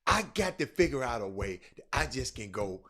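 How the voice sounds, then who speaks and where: Sports talk host, middle-aged man, bright lively voice, loud and excitable, Southern vernacular. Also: medium pitch, normal speed. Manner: loud, excitable, calls out viewers by name; Southern vernacular, y'all and ain't. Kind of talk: casual livestream chat reading comments.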